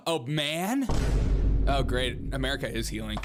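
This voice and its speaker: A man's voice: on the high side, sing-song, a little slow, background noise. A young man hosting a comedy show, riffing sarcastically on the news and laughing often. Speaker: podcast host. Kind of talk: comedic political commentary.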